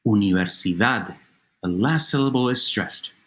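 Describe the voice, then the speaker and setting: A man narrating a language lesson, explaining slowly and carefully and repeating words for the listener, over a noisy voice-over recording. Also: mid-range voice, big pitch swings. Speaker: Spanish teacher. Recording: noisy narration with faint music.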